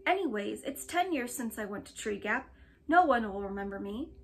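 A woman reading aloud, voicing a calm, sensible middle-aged farm wife who speaks eagerly and matter-of-factly. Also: fairly high pitch, normal speed, breathy edge.

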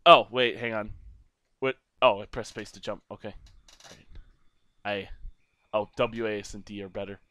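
A young man giving goofy, rambling solo commentary over a video game, now and then breaking into loud silly shouting. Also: fairly low pitch, steady tone, moderate pace, long pauses, no room sound. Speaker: gameplay commentator. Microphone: desk microphone.

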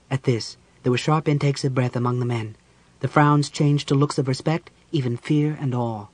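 Guy reading a fantasy audiobook, measured steady storytelling, mid voice. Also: mid-range voice, no room sound. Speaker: audiobook narrator. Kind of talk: scripted fantasy narration.

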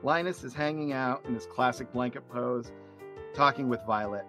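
A man's voice: medium pitch, normal speed. Man narrating comic strips with faint music. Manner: animated narration, frequent laughs. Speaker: podcast host. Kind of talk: reading comic strips aloud.

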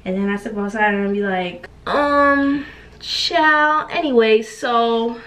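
A woman's voice: mid-range voice, steady tone, moderate pace, reverberant, recorded from a distance. A young woman chatting casually on a home vlog, laid-back and slangy, laughing often. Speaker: vlogger.

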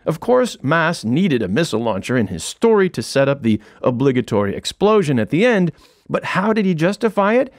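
A man's voice: a little high, sing-song, a little fast, no echo. Wry man narrating comedic audiobook. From United States. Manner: wry, dry storytelling with punchline timing. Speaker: author and comedian narrating his book. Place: recording studio.

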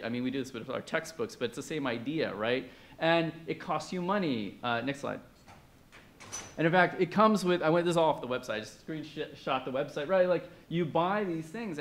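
A man presenting at an academic conference in a conversational way, with many fillers and questions put to the audience. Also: on the high side.

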